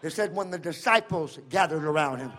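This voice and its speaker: A male pastor from Central California preaching a sermon, calling out to the room and repeating his lines as he builds to shouts. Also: fairly high pitch, animated, fairly quick. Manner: calls to the room and repeats himself.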